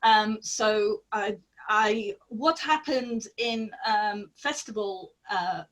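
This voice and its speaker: A middle-aged woman, a former ballet dancer, telling animated anecdotes on a video call with laughter and fillers. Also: medium pitch, slow. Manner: lively, laughing storyteller with many fillers.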